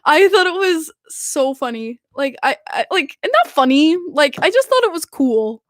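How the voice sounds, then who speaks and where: A young woman hosting a hockey podcast, excitable and giggly, rambling with frequent restarts like a self-declared fangirl. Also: high-pitched, a little slow, dry recording, studio quality. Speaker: podcast host. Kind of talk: casual chat.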